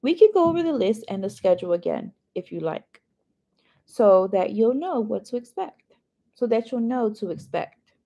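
A woman voicing a kind, reassuring father with a husky voice, speaking calmly with forced cheer. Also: a little high, moderate pace.

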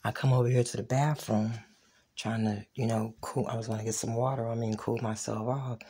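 An adult vlogger casually recounting a personal altercation while walking through a home, often dropping into a hushed whisper and acting out the quoted lines. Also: medium pitch, little pitch movement, brisk. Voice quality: raspy, gravelly. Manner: reenacts quoted dialogue. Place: inside a home.

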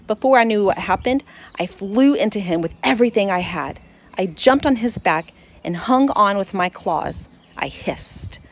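A woman narrating a children's storybook in first person, expressive and lively. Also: fairly low pitch.

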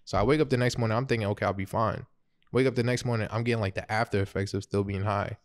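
A man's voice: lowish voice, rapid-fire. A young man, casually telling a funny personal story as a podcast host, laughing through it. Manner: laughs through his story, animated, quotes himself.

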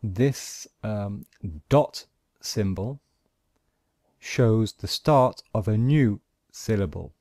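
A man teaching a pronunciation lesson over a screen recording, explaining slowly and step by step. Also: lowish voice, warm tone, dry recording, clean studio sound. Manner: slow, deliberate, explaining step by step. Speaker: language teacher.

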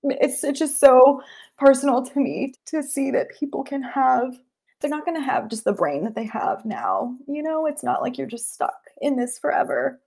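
A woman's voice: high-pitched, animated, moderate pace, vocal fry, a little mellow. A young adult woman, a therapist, talking in an earnest, heartfelt and reflective way during an interview. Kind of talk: interview conversation.

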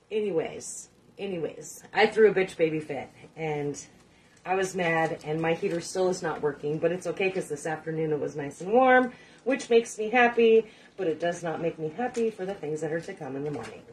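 A woman's voice: lowish voice, animated, moderate pace, recorded from a distance. A woman hosting a home cooking vlog who chats casually, rambles, and swears in a self-mocking way. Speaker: cooking channel host.

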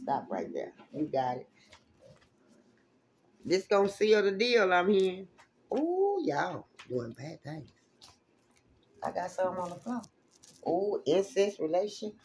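A woman giving a casual tarot reading, animated and exclamatory, with plenty of salty, profane asides. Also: on the low side, unhurried, pauses often, slight background noise. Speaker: tarot reader.

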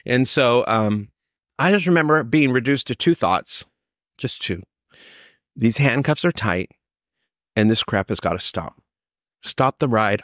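A man from California, older, telling his recovery story in a lively, storytelling way, acting out what others said. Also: fairly low pitch, dry recording, studio quality. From Sacramento, California. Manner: storytelling, animated, quoting others. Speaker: recovery speaker.

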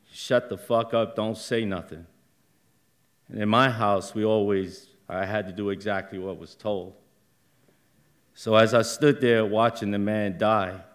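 A middle-aged man telling a personal story live on a theater stage, in a slow, halting delivery that flares up at times. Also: fairly low pitch.

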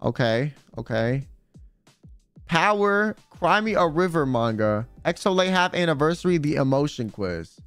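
A man's voice: on the high side, expressive, unhurried, fairly bright tone, clear, resonant tone, dry recording. A young man streaming, telling a rambling, slangy story in casual chat. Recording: faint music behind.

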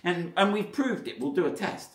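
A man's voice: high voice, lively intonation, normal speed. A man running a car business, explaining in a chatty, rambling, playful way. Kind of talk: casual explainer video.

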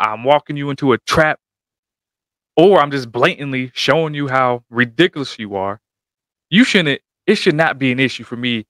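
A man's voice: medium pitch, dry recording. Trash-talking man reacting to a debate. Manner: animated trash-talking slang. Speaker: reaction video host. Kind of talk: casual reaction commentary.

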